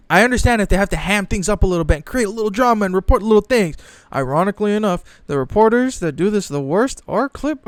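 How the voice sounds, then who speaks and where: A man's voice: high voice, no echo. A young man ranting in casual sports commentary, profane and exasperated, often mocking others in put-on voices.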